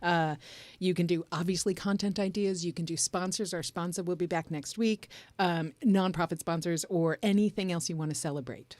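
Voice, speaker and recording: A woman's voice: lowish voice, steady tone, normal speed, darkish tone, dry recording. A woman co-hosting a video-call show, chatting in an upbeat, friendly way. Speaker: podcast co-host. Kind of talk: casual chat.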